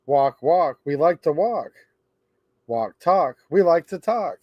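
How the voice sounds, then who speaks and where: A man's voice: on the high side, animated, takes it slowly, dry recording, dull audio. A man hosting a live stream, reading a children's rhyme book aloud in a playful sing-song way.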